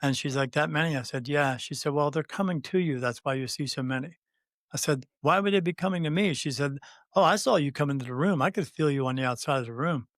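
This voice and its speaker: A man's voice: fairly high pitch, fast, fairly bright tone, no room sound, clean studio sound. A man in his fifties, a guest on an interview, telling a personal story with many fillers and restarts and acting out the quoted dialogue. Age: 50s. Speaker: guest, spirit medium.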